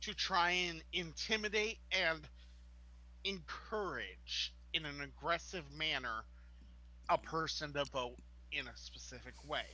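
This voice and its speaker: Earnest, bright-voiced male co-host. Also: on the high side, low-quality recording. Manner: earnest, emphatic, speaks in measured statements. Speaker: co-host of a live-streamed talk show. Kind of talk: casual chat.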